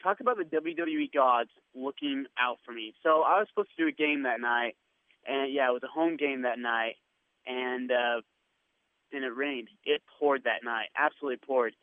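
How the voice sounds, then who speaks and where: A man's voice: medium pitch, moderate pace, no echo. A man guest telling a story in a casual chat, acting out the lines of people he met. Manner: animated storyteller, acts out quotes. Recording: tinny phone line.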